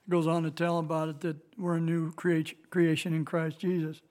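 Middle-aged male Bible teacher, high-pitched voice, plain-spoken and halting, slows for scripture. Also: flat delivery. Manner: reads scripture slowly, rising louder on key verses.

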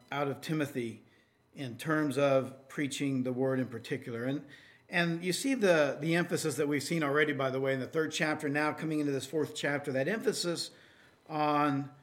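A man's voice: a little high, normal speed, a bit bright. A man preaching a sermon in a conversational way, with many fillers and restarts, and reading scripture aloud in a raised, emphatic voice.

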